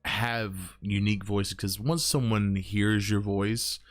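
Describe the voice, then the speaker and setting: A man's voice: lowish voice, steady tone, slow pace. A man hosting a casual interview over an online call, talking loosely with plenty of filler words and casual swearing. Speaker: host.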